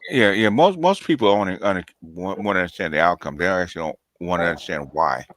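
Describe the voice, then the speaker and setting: Podcast host, man, low voice with lively swings, curt probing questions. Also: fast talker. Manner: terse, probing interjections. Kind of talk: casual podcast chat.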